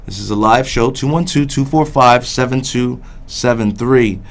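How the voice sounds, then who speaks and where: Male call-in host, heated ranting delivery, mid-pitched voice. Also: normal speed. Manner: heated, repetitive, swears under his breath. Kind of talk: ranting political call-in talk.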